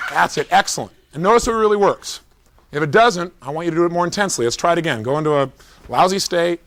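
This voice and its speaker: A man in his fifties, a motivational coach giving an emphatic, energetic seminar talk. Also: fairly high pitch, fast talker, slight background noise.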